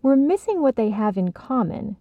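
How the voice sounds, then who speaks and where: A woman's voice: fairly high pitch, sing-song, dry recording, pitched above the performer's own voice. A woman voicing an impatient, demanding young man in a storybook reading. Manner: brisk, frustrated. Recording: slightly dull, dry recording.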